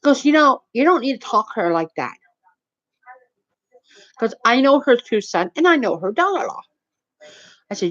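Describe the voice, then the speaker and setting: A woman's voice: fairly high pitch, big pitch swings, normal speed, pauses often, fairly bright tone. A woman who retells an everyday run-in in a rambling, repetitive, indignant way. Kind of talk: rambling storytelling to camera. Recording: dull lo-fi recording.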